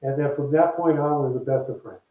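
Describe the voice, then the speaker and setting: Brief: older male guest, lively storyteller, raised pitch, dull muffled line. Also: a little fast. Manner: animated, acts out quoted voices. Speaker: guest, former ballplayer. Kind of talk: casual storytelling interview. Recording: echoey, distant, dull remote line.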